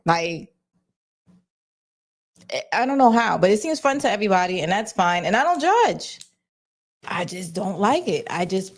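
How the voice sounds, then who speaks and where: A woman hosting a casual livestream, talking bluntly with plenty of swearing and restarting her sentences as she goes. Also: medium pitch. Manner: blunt and profane, with frequent restarts. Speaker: host.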